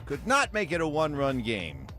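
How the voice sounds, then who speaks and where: A man's voice: fairly high pitch, moderate pace, faint music behind. A man hosting a morning sports radio show, reading game results and chatting with co-hosts. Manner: animated, reads sports news updates. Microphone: studio microphone.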